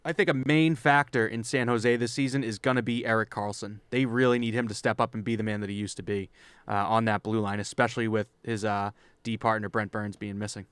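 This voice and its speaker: Podcast guy reading off stats lists quick then just chatting, clear smooth voice, dry. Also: lowish voice, steady tone, a bit bright, no echo. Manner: reads off lists of stats and signings briskly, then chats loosely. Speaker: podcast co-host. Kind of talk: casual sports chat.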